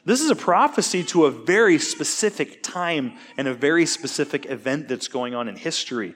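Animated, joking male Bible teacher. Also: a little high. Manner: animated, joking, quick asides, questions to the class. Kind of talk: lively Bible study class.

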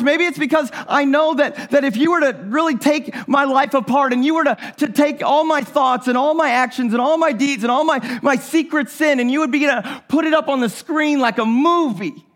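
Earnest high-voiced male preacher. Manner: earnest, repeats words, drops to a soft low voice for tender moments. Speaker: pastor. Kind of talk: sermon.

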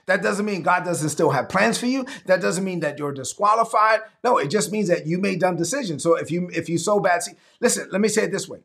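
A man preaching a sermon as pastor, animated and acting out the people he quotes. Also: sits high, fairly quick, creaky, hardly any pauses.

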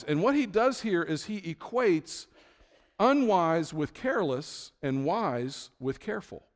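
Pastor with a higher voice in an echoing hall. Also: male voice, lively intonation, unhurried. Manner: conversational storytelling with frequent fillers. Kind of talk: sermon. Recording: long hall reverb.

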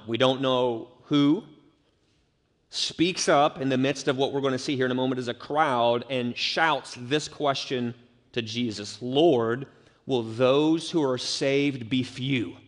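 A man preaching a sermon as pastor, earnest and building to emphatic urgency. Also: fairly high pitch. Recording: long reverb of a church hall.

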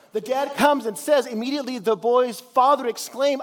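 A man's voice: very high voice, moderate pace. A male pastor preaching a sermon in a conversational way, often repeating words while he searches for the next thought. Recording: long hall reverb.

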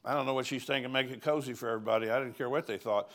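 A man's voice: mid-range voice, fairly even intonation, rapid-fire, fairly bright tone. An older man, a pastor, preaching at a conference in a folksy, storytelling way, chuckling between lines.

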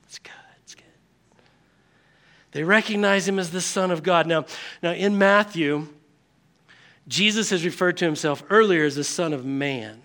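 A man preaching with a high, bright, forceful voice. He tells the story in an animated way, acting out the scenes and moving between loud outbursts and hushed remarks. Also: moderate pace, long pauses. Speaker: pastor. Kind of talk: sermon.

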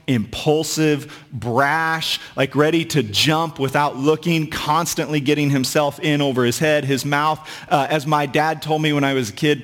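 A man's voice: mid-range voice, fairly bright tone. A man preaches in a loose, conversational way, with asides and jokes. His voice sits mid-range, and a long reverb trails after it. It sounds like a big church hall. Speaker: pastor. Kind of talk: sermon.

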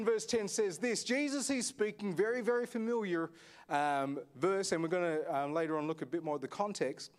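A man, a senior pastor, preaching a sermon in a conversational way, often asking the congregation questions. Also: high-pitched. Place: echoey church hall.

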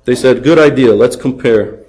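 A man preaching a sermon, animated, acting out taunts in a raised voice and dropping quiet for emphasis. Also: medium pitch, normal speed, breathy edge, rough recording. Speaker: pastor.

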